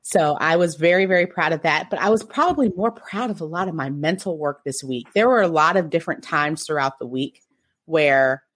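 A woman chatting casually as a podcast co-host, telling stories in an animated, playful way. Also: deep voice, a little fast. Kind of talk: casual group chat.

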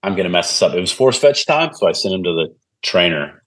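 Lively low-voiced man telling stories. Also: quick pace. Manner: animated, acts out quoted voices. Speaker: podcast guest. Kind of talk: casual storytelling chat.

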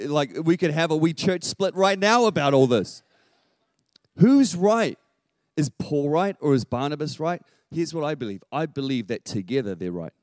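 Pastor guy, middle-aged, telling stories in a sermon, gets loud acting stuff out, dry mic. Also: fairly high pitch, dry recording. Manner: animated, acts out quotes with rising volume. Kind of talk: storytelling sermon.

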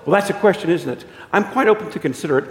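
Man voicing a cowardly ghost, high-strung, pleading, loud, echoing hall. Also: expressive, rapid-fire. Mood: evasive. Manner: pleading, panicky, shrill when scared. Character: frantic cowardly male ghost clinging to a vice. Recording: echoey hall, roomy reverb.

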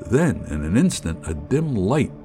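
A middle-aged man telling a personal story in an animated, colloquial, jokey way. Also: lowish voice, unhurried, music in the background. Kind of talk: personal anecdote narration.

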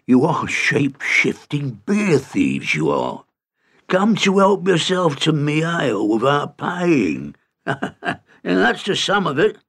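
A man voicing a huge, suspicious innkeeper who booms and roars in a storybook reading. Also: wildly swooping pitch, takes it slowly, creaky, a bit bright, husky, exaggerated voice. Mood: angry. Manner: booming, roaring. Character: enormous angry innkeeper man, booming and suspicious.

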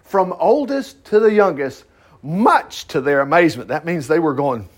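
A man's voice: on the high side, sing-song, moderate pace, breathy edge. A man reading a Bible story aloud as a teacher, breaking off for chatty, laughing asides. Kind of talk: reading scripture with commentary.

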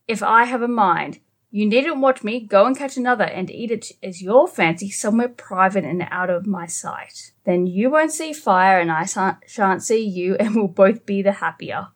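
A woman's voice: medium pitch, moderate pace, lightly acted. A woman reading the lines of a stubborn, plain-spoken male hobbit cook, blunt and matter-of-fact. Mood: firm. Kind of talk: reading a novel aloud.

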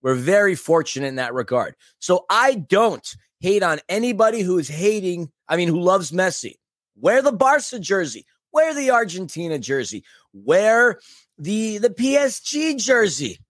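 A man's voice: sits high, very animated, moderate pace, no echo, clean studio sound. A man co-hosting a casual soccer podcast, speaking emphatically and with strong opinions. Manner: emphatic, opinionated fan talk. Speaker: podcast co-host. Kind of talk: casual chat.

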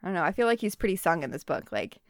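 A woman co-hosting a casual book chat, retelling scenes with quick acted asides. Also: on the low side, expressive, dry recording, studio quality. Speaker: podcast co-host.

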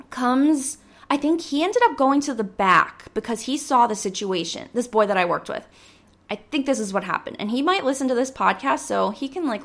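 A woman in her twenties, a podcast host telling a casual story in a dramatic, animated way, with casual swearing. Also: fairly high pitch.

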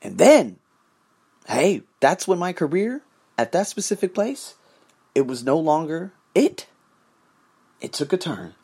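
A man's voice: a little high, sing-song, a little slow, creaky, pauses often, a little mellow, husky. Foul-mouthed ranting podcast man. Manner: profane, ranting, emphatic. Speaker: podcast host. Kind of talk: solo podcast monologue.

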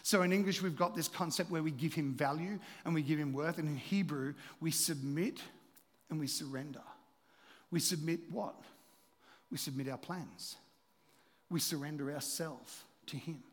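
A middle-aged man giving a sermon as pastor, animated and playful, with asides to the congregation. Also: fairly high pitch, normal speed. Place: church hall. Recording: reverberant hall.

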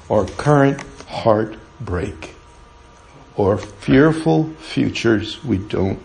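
A man preaching a sermon as pastor and leading a prayer, earnest and pleading, often dropping to a quiet hush. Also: lowish voice, lively intonation, very slow, creaky, slight background noise. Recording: very echoey room with faint ambience.

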